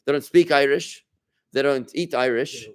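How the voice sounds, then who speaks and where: A man's voice: medium pitch, moderate pace, clear, resonant tone. A rabbi leads an informal class for a small group gathered in a room. He talks in a loose, conversational way, often restarting his sentences. He keeps turning to his listeners with questions.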